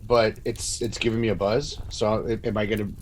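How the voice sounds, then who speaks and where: A man's voice: fairly low pitch, level tone, brisk, slight background noise. A married man in a casual chat who stammers and repeats his words as he talks.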